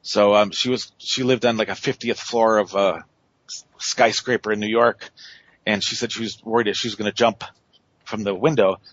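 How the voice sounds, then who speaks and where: Guy guest on radio, low voice, lots of ums and restarts, dull lo-fi sound. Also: steady tone, normal speed, a bit bright. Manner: rambling, many fillers and restarts. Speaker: paranormal investigator guest. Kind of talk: casual storytelling on radio.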